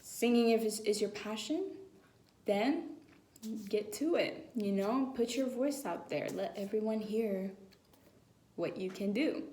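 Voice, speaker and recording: A woman's voice: fairly high pitch, lively intonation, takes it slowly, long pauses, a little mellow. A woman giving casual, encouraging singing tips to viewers in a chatty, rambling way. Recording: echoey room.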